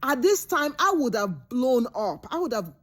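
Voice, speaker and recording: Woman vlogger, slightly high voice, animated and dramatic movie recap. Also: normal speed. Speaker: movie reviewer.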